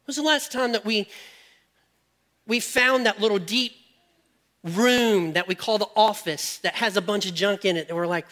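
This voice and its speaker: A man delivers a sermon in a high, bright voice. He is animated, jokes with his listeners, and drops to hushed questions. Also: normal speed. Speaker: preacher.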